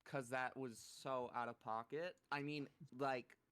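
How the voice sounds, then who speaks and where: A young man chats on a podcast with a smooth, clear voice. He takes his time, swearing casually and breaking into laughter as he tells his stories. His pitch sits in an ordinary middle range. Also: fairly even intonation, measured pace, a bit bright. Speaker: podcast co-host. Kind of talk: casual chat.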